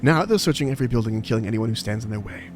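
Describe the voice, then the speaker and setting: A stern quest-giver from a fantasy game speaks in a put-on British accent, as a male streamer reads his lines aloud. The accent wobbles in a self-mocking way, with a voice of middle pitch. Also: animated, rapid-fire, soft background music, natural voice. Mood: grave.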